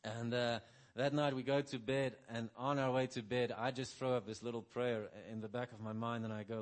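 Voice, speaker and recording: A middle-aged man preaching a sermon full of personal testimony, talking conversationally and often checking in with "right?", dropping soft and low when quoting his own words. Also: level tone, normal speed.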